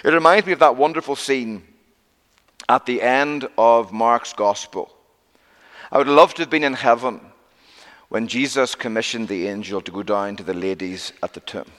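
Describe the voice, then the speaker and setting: A middle-aged man preaching a sermon, emphatic and repetitive, swinging from loud declarations to hushed near-whispers. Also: mid-range voice, moderate pace, big-room sound.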